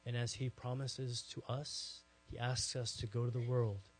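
Male pastor, sermon storyteller, mid-range voice, animated then soft. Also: medium pitch, a little slow, slight background noise. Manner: animated storytelling, acts out quoted voices, then quiet and earnest.

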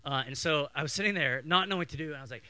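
A middle-aged man from Canada preaching a sermon, telling childhood stories in an animated way and acting out family voices. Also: on the high side, rapid-fire, no room sound, poor audio. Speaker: pastor.

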